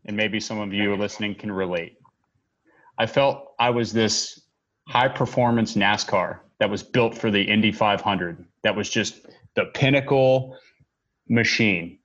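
Man, 30s, veteran telling his story; low voice, halting and earnest, dull lo-fi recording. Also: a bit bright. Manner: earnest, halting, with many restarts and pauses. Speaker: military veteran speaker. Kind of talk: personal testimony to an audience.

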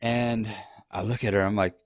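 A man's voice: on the low side, fairly even intonation, normal speed, no room sound, clean studio sound. Rambling, profane man telling his story. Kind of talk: casual storytelling.

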